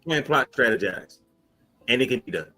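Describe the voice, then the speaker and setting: A man speaking as a talk show guest, forceful and adamant, hammering each point home with punchy emphasis. A soft music bed plays faintly behind him. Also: mid-range voice, animated, moderate pace, low-quality recording. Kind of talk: emphatic interview answers.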